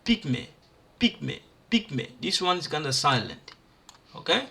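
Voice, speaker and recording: Slow bright-voiced man drilling sounds. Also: a little high, sing-song, vocal fry. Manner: slow, repeats sounds and words aloud for learners. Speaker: language teacher. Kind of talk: pronunciation lesson.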